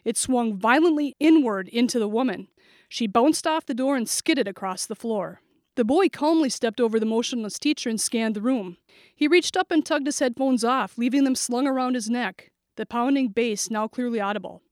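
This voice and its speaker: Female thriller narrator, steady and vivid, bright-leaning voice, dead-dry booth. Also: on the high side, moderate pace, dry recording. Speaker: audiobook narrator.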